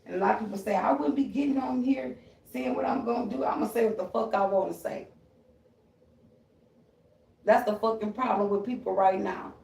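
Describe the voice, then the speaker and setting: A woman holds forth on a live stream in a blunt, profane rant, loud and combative. She sits back from the mic, and her voice rings in an echoey room. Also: mid-range voice, normal speed, gravelly, pauses often. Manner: loud, confrontational, animated storytelling with shrieking imitations. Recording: roomy echo, voice a bit far from the mic.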